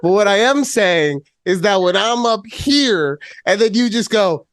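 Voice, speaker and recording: A man co-hosting a casual podcast chat over a remote call, talking in an animated, playful way and swearing often. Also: high voice, measured pace, smooth, no echo, clean studio sound. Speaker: podcast co-host.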